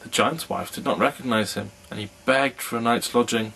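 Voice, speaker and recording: A man reading a fairy tale aloud as a storyteller, in an unhurried read-aloud manner. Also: mid-range voice, vocal fry, fairly bright tone, breathy edge, rough recording.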